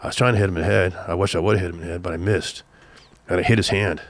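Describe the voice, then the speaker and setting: An older man from Southern California, a guest telling an excited, profane story, acting out the shouts of the people in it. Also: low-pitched, very fast, a little hiss or hum. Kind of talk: animated storytelling on a podcast.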